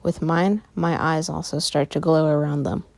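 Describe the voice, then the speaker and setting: A woman voicing a protective young girl, an older sister, in a quiet and hesitant way, in a storybook-style fan tale. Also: low-pitched, steady tone, moderate pace, creaky, no echo.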